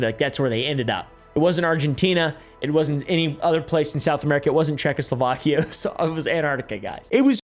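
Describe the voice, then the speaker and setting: Joking man with a raised pitch. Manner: sarcastic, joking asides. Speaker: host. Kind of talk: comedic commentary.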